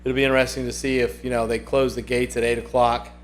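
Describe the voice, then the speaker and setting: A man's voice: mid-range voice, flat delivery, fast. A man hosting a casual livestream, chatting and reading viewer comments aloud in a rambling way that often repeats itself. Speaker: livestream host.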